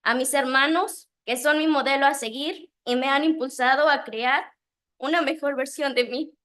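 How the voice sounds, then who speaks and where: A woman whose first language is Spanish gives a prepared graduation speech, nervous and emotional, reading with pauses. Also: high voice, steady tone, a bit bright.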